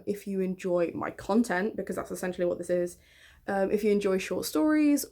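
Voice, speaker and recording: A woman in her twenties chatting in a get-ready-with-me vlog, self-mocking and quick to laugh, talking to the camera at home. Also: mid-range voice, mellow. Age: 20s. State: hair still wet. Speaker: vlogger and author.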